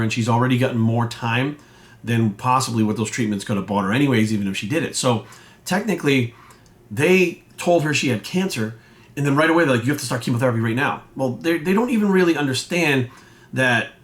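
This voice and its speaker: A man, a fitness coach ranting casually and bluntly, swearing often and acting out quoted voices. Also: mid-range voice. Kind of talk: casual rant to camera.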